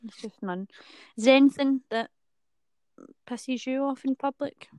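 A woman's voice: high voice, unhurried, darkish tone, clear, resonant tone, dry recording, studio quality. A woman chatting casually, rambling with lots of fillers and the odd swear word. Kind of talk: casual chat.

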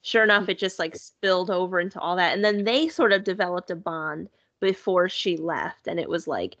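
A woman's voice: on the low side, normal speed, a bit bright, no echo, muffled recording. A woman in casual conversation, chatty and upbeat, filling her talk with "like" and "you know". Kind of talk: casual chat.

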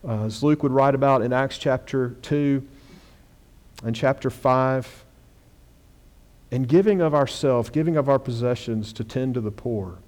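A man preaching a sermon as pastor, stressing words loudly and then dropping to quiet asides, in a church with a screen behind him. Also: mid-range voice. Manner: emphatic preaching, swings from loud stresses to quiet drops.

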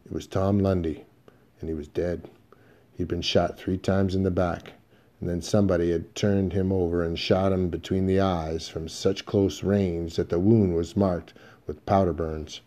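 A male audiobook narrator telling a western in the first person, steady and measured. His voice is low and dark, with a mellow tone.

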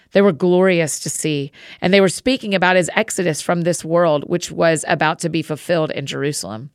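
A woman reading scripture aloud in a measured, clear way. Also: on the low side, dry recording, clean studio sound. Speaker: Bible reader.

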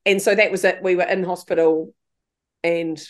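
A woman's voice: lowish voice, fairly even intonation, moderate pace. A middle-aged woman, a podcast guest telling stories in casual chat, swearing freely and acting out her own quoted lines.

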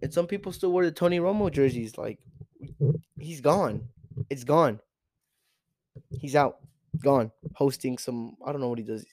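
A man's voice: medium pitch, unhurried, long pauses, a little mellow, no echo, clean studio sound. A teenage boy hosting a podcast, ranting in an exasperated, profane way with lots of repeated rhetorical questions. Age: teens. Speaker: podcast host. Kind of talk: solo sports rant.

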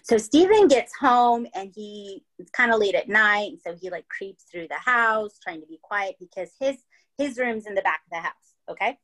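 Speaking at normal speed with a medium-pitched, sing-song, slightly bright voice, a woman hosts a podcast on poor audio. She tells a true-crime story casually and chattily, swearing freely and often checking in with "right?" and "okay?".

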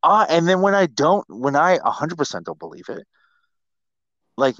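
Man, forties, podcast host, swears a lot, very lively pitch, slightly muffled dry recording. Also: moderate pace, no room sound. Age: 40s. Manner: animated, profane, ranting. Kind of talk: casual podcast chat.

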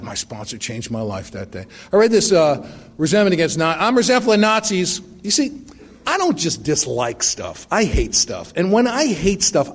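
A middle-aged man giving a personal recovery testimony, telling it in a wry, self-mocking way with frequent restarts. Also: fairly high pitch. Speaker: recovery meeting speaker.

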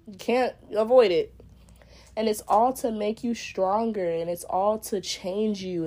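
A woman's voice: medium pitch, mellow, dry recording. A woman hosting a casual solo podcast, speaking candidly and reflectively and cursing freely in a slang-heavy drawl. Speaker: podcast host.

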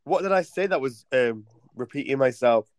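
A man's voice: medium pitch, lively intonation, normal speed, dry recording. A man with an English accent on a video chat, prim and formal, often repeating himself. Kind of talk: casual video chat argument.

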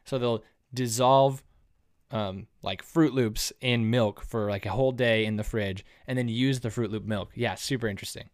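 A man's voice: mid-range voice, fairly even intonation, normal speed, dry recording, studio quality. A young man co-hosting a podcast, chatting in an easygoing, rambling way with many restarts. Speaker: podcast co-host. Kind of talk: casual podcast banter.

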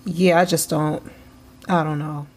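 A woman co-hosting a casual podcast, relaxed and laughing often as she hunts for the right word. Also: low-pitched, unhurried, vocal fry. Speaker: podcast co-host. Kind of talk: casual chat.

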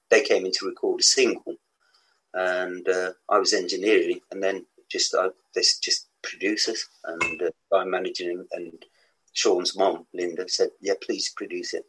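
A man's voice: deep voice, fairly bright tone, breathy edge, poor audio. A man in his sixties with a West Midlands accent, a musician guest telling rambling stories with laughs and restarts. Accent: West Midlands English. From England. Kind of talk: casual storytelling.

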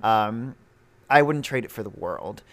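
A man's voice: fairly low pitch, lively intonation, a little slow. A young man co-hosting a podcast in casual chat, rambling and laughing at himself. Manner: laughing, rambling, self-mocking. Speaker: podcast co-host.

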